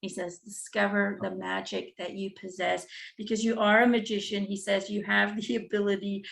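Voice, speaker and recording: A woman's voice: medium pitch, little pitch movement, normal speed, creaky, low-quality recording. A woman giving a channeled spiritual reading, relaying a guide's messages with frequent "he says" and ums. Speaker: spiritual reader.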